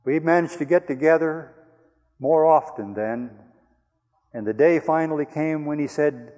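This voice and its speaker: An older man, a pastor, telling a story in an earnest, plain sermon style, going soft on reflective lines. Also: fairly high pitch, unhurried. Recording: long hall reverb.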